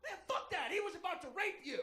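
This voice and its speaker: A confrontational, bigoted stranger, as a man acts him out on stage, snapping his questions in a high, jumpy voice. He sounds aggressive and scornful. There is a roomy echo around him. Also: lively intonation, fast talker, noisy background. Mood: hostile. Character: hostile male stranger, a bigot.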